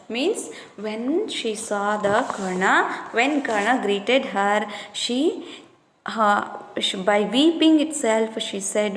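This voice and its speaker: A woman teaching an English reading lesson, explaining slowly and rephrasing each line. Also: mid-range voice, animated, a bit bright, roomy sound, in a large hall, slight background noise. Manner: slow, explanatory, rephrasing with 'means'.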